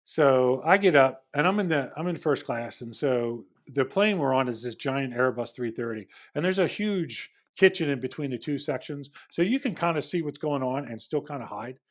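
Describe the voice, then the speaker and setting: A man's voice: mid-range voice, expressive, normal speed, few pauses. A middle-aged man, a former security agent, telling a long anecdote as a podcast guest, with frequent restarts and acted-out dialogue. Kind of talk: casual storytelling in a podcast interview.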